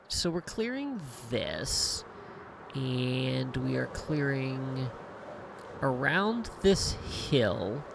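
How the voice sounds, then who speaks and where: A man with a gravelly, mid-pitched voice gives casual gameplay commentary, rambling and chuckling as he goes, sometimes dropping to a mutter. Steady background noise and clicking sit behind him. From United States. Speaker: gaming livestream host.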